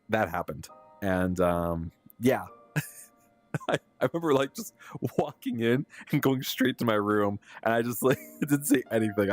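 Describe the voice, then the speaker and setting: A young adult male live streamer tells a story in a casual, animated way, laughing frequently and filling his speech with fillers. His voice is medium in pitch.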